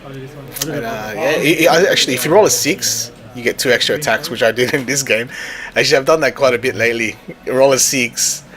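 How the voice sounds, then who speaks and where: A man's voice: mid-range voice, brisk, a bit bright. A man casually explaining a tabletop wargame as he plays, often stopping and restarting his phrases. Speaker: tabletop wargame player recording a battle report. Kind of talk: casual explanatory narration over a tabletop game. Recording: chatter from a crowd in the background.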